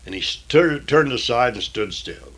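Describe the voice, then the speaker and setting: A man reading scripture aloud in a deliberate, old-fashioned diction, stopping now and then for plain explanatory asides. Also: mid-range voice, animated, fairly bright tone. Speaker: Bible reader and teacher.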